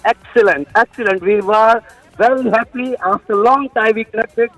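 A man from Pakistan calling in to a radio quiz, effusive and excited, stalling on some answers. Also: high voice, normal speed, no echo, soft background music, rough recording. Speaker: radio caller. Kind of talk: phone-in quiz contestant.

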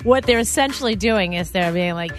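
A woman's voice: medium pitch, lively intonation, fairly quick, soft background music. Chatty, gossipy woman radio host. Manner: chatty, gossipy, laughs often. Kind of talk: casual morning radio chat.

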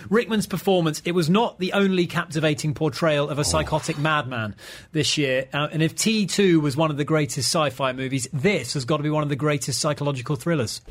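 A man's voice: fairly high pitch, fairly quick. A man hosting a casual film podcast, chatty and full of trivia. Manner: chatty, trivia-telling, laughs often. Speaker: podcast host.

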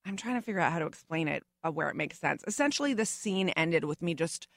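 Animated woman telling an on-set story. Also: low voice, fast, creaky, dry recording, studio quality. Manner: animated storyteller, acts out the people she quotes. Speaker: actress, guest. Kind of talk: casual interview storytelling.

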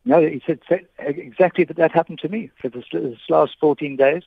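An older man phones in to a radio show, his voice squeezed thin by the telephone line. He speaks haltingly, doubling back over words and restarting sentences as he remembers. The sound is dry and close, with no room around it. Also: on the high side, creaky, breathy edge, no echo. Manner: hesitant, many repeated words and restarts. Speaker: guest, veteran sports broadcaster. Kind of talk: phone-in reminiscence.

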